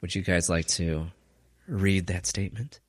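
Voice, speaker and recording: A man's voice: sits low, measured pace, dry recording, studio quality. A man hosting a casual podcast, steering the talk bluntly. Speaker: podcast host.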